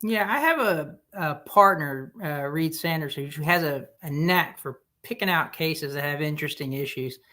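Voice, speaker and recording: A man with a Southern United States accent answering as a podcast guest, easygoing and pausing to search for words. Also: fairly high pitch, lively intonation, pushed and bright. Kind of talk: casual interview answers.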